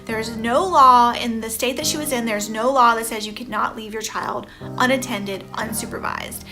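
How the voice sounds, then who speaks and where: Chatty higher-voiced woman vlogger. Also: fairly even intonation, normal speed. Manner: chatty and rambling, many "you know" fillers. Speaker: vlogger reacting to an article. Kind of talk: casual reaction commentary. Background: background music.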